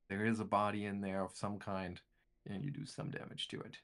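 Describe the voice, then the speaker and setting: A man narrating a tabletop game as game master, describing scenes haltingly. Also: lowish voice, level tone, a bit bright.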